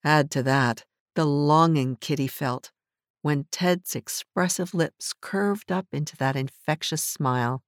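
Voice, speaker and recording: An audiobook narrator telling a story in scripted narration, measured and even. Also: medium pitch, dry recording, clean studio sound.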